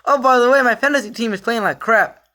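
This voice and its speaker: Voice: medium pitch, fast talker, pushed and bright. A sports fan vlogger giving a casual, rambling rant about the team, repeating themselves in frustration with lots of fillers and restarts.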